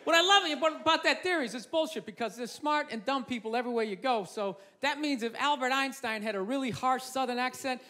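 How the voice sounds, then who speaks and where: Ranting profane stand-up comic. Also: male voice, very high voice, fast, hardly any pauses, bright, forceful tone. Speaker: stand-up comedian. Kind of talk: stand-up comedy. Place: comedy stage before a live audience. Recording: reverberant live venue with crowd noise.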